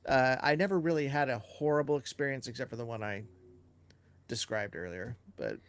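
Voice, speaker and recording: A man's voice: mid-range voice, brisk, slight background noise. A man co-hosting a live question-and-answer stream, telling loose, chatty production anecdotes. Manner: chatty anecdotes with filler and restarts. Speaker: co-host and TV producer. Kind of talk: casual live Q&A storytelling.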